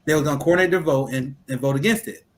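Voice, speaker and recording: A man's voice: a little high, very fast. A man with a Midwestern accent hosting a casual political roundtable, blunt and profane, rambling with restarts. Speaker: roundtable host.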